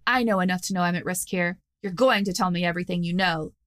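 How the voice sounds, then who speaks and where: A woman's voice: fairly low pitch, quick pace, fairly bright tone, no room sound, clean studio sound, close to an everyday voice. A woman voicing a nervous, self-important male goblin crime boss with a faintly nasal voice. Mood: threatening. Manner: whiny and anxious.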